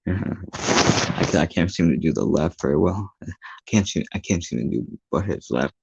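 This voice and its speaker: A man's voice: low-pitched, animated, normal speed, vocal fry, muffled recording, heavy background noise. A young man streaming, chatting casually in a rambling, giggly way with some swearing.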